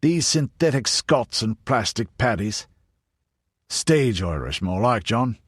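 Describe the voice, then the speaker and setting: A man's voice: mid-range voice, very animated, slow pace, husky, dry recording, full character voice. A man voicing an older veteran soldier, dry and derisive.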